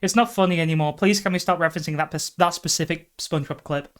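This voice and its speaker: A woman's voice: deep voice, fairly even intonation, quick pace, natural voice. A woman voicing a mopey, weird shut-in young woman with an odd put-on accent, read aloud from a fanfic.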